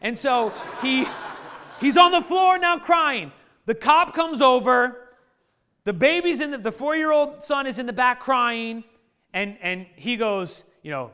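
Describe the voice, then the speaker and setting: A man in his thirties telling a funny family story to a live audience, lively and joking, often laughing at his own lines. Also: very high-pitched, measured pace, clear, resonant tone. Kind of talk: animated anecdote to a live audience.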